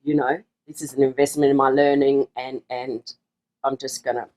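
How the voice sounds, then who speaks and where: A woman's voice: rumbling low, flat delivery, moderate pace, darkish tone, low-quality recording. Woman, from Australia, casual interview, chatty, fillers. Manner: chatty, many fillers and restarts. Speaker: online seller sharing her story.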